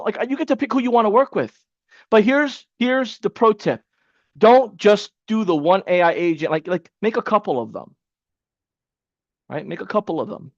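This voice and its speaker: A man with a high voice leads an online training with casual, energetic coaching and repeats points for emphasis. The sound is dry and a little dull, like a lo-fi webcam mic. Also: moderate pace, no room sound. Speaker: webinar coach.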